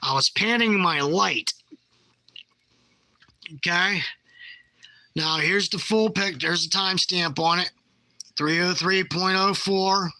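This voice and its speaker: A middle-aged man casually chatting about his field photos, animated, jokey and blunt. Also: high voice, slow pace, pauses often, dry recording, low-quality recording. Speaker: bigfoot researcher.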